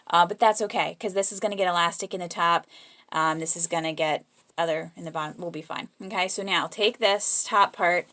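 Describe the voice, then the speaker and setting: A woman with a Southern US accent hosting a casual sewing tutorial, chatty and easygoing, correcting herself as she works. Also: on the low side. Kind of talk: casual step-by-step sewing demonstration.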